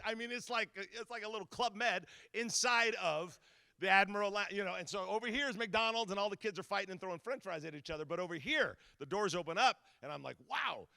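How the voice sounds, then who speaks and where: A middle-aged guest preacher gives a sermon in a high, gravelly voice, caught on a dry recording. He's animated, telling stories and acting out the voices of the people in them.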